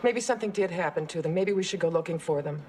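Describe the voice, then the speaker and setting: A woman's voice: on the low side, noisy background, close to an everyday voice. An actress playing a nervous, easily frightened woman in a sitcom. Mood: fretful. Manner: nervous, fretful, quick to fear. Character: anxious jumpy woman in a cabin. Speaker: sitcom character. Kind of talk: sitcom acting.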